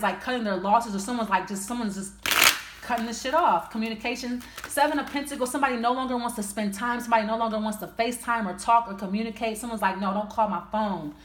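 Talking fast in a voice on the high side, a woman works through a casual tarot reading, thinking out loud with every card and not holding back on bluntness or profanity. Background noise and roomy echo fill the recording.

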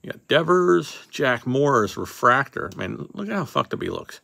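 A man's voice: mid-range voice, very animated, normal speed, vocal fry, hardly any pauses, bright, forceful tone, dry recording. A man hosting a casual card-opening session, reading off names as he goes and joking offhand with a few swear words. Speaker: card box breaker host.

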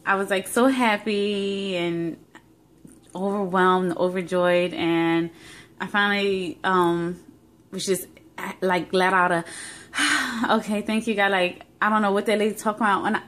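A woman's voice: medium pitch, fairly even intonation, measured pace, fairly bright tone. Young woman vlogger, talks loosely with fillers and feeling, phone-recorded. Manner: rambling, emotional storytelling with many fillers. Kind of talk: casual pregnancy update vlog.

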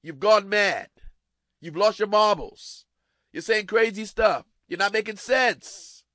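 A preacher putting on a loud scoffing official. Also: male voice, sits high, slow pace, dry recording, clean studio sound, voice pushed up, exaggerated voice. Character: mocking incredulous official, grown man. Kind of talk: preacher acting out a scripture scene.

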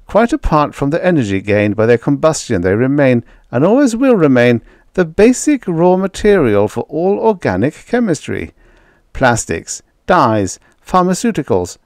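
A man doing a booming, jovial rich industrialist. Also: a little mellow, no echo, studio quality. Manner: booming, jovial, self-assured. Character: hearty rich older male industrialist.

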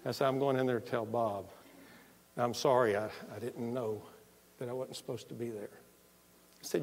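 A man preaching a sermon as a pastor, telling a personal story in an animated way and acting out what he and others said. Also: mid-range voice, normal speed. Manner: storytelling, animated, quoting himself. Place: church sanctuary. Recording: long reverb of a church hall.

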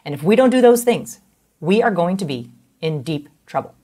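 A woman's rough impression of a male president speaking with falling inflection. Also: fairly low pitch, lively intonation, moderate pace, warm tone. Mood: authoritative. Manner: slings words down with falling inflection. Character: impression of a male president addressing his daughters.

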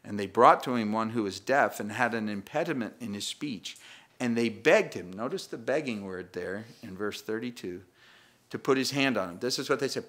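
A man's voice: lowish voice, expressive, moderate pace, fairly bright tone. A man preaching a sermon as pastor, chatty and self-deprecating, often acting out little voices and laughing at the text. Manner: conversational, self-deprecating, acts out voices with humor. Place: church.

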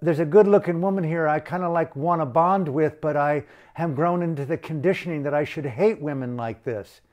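A man voicing an insecure, macho male general with a whiny, mocking tone, pitched a little high. He sounds sneering and self-pitying. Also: brisk, a little mellow, natural voice.

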